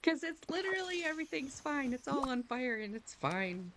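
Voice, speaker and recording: Giggly woman streamer with vocal fry. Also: high voice, sing-song, normal speed, a bit bright, a little hiss or hum, rough recording. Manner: giggly, rambling, self-deprecating. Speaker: game streamer. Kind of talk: casual live-stream chat.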